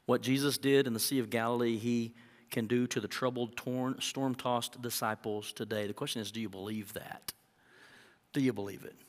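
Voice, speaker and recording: A man preaching a sermon as a pastor, acting out prayers and dialogue in an animated way. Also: normal speed, long reverb tail. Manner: animated, acts out prayers and dialogue with rising pitch.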